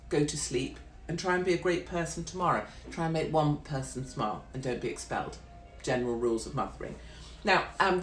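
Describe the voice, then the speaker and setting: A middle-aged British woman delivering a brash, sweary, sarcastic live-stream rant. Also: low voice. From Britain. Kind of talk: ranting live-stream monologue. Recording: roomy echo.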